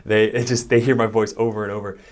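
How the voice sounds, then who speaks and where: A man working as a marriage therapist, giving a lively coaching lesson in a chatty way and acting out quoted voices. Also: on the low side, fast talker, dry recording. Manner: lively, acts out quoted voices, chuckles often; conversational, frequent fillers like "like" and "right".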